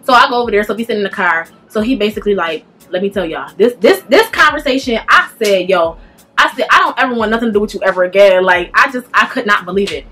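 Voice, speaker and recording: A young woman telling a casual storytime, animated and speaking straight to her viewers. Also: medium pitch, fast, faint music behind. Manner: animated, addresses viewers directly, slangy.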